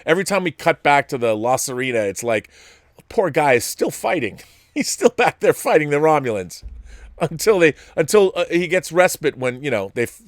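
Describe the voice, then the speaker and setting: Middle-aged male host, lively sing-song delivery, giggly, dry close sound. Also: a little high, no room sound. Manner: giggly, rambling, laughs often. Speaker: show host. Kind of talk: casual solo commentary.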